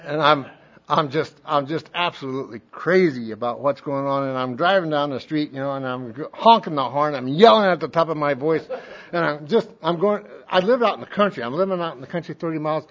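A man with a fairly high voice tells a long story to a group, rambling in a folksy way and acting out what other people said. The recording sounds dull and lo-fi, with the top end muffled. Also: fairly quick, a bit bright. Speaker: speaker sharing his recovery story.

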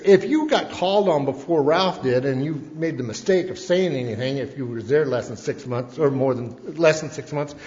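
Folksy man telling stories in a hall. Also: medium pitch. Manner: rambling, folksy, self-mocking, with frequent restarts. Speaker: speaker at a recovery meeting. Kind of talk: humorous personal testimony. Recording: dull lo-fi recording in an echoey hall.

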